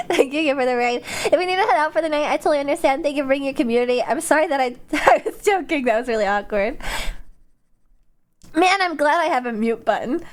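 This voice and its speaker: High-voiced Midwestern woman streamer, rambling, giggly casual chat. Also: animated, fairly quick. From American Midwest. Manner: rambling and giggly, lots of fillers. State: coughing after choking on water.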